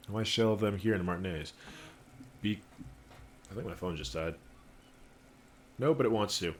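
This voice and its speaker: A man's voice: deep voice, normal speed, pauses often. A man streaming a game live, joking around and reading the dialogue aloud in his own voice.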